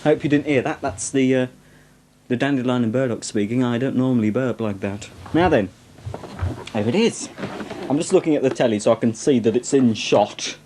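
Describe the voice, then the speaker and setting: Chatty northern English man, mellow voice. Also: mid-range voice, normal speed, a little hiss or hum. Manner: chatty and self-mocking, cheerful rambling asides. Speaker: home video host. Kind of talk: casual rambling home video chat. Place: at home, indoors. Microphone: camcorder microphone on a tripod. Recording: 1990s camcorder home video.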